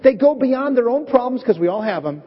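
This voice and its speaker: A man preaching a sermon as pastor, animated and acting out bits of dialogue in different voices. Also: very high voice, a little fast, husky. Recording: echoey dull hall recording.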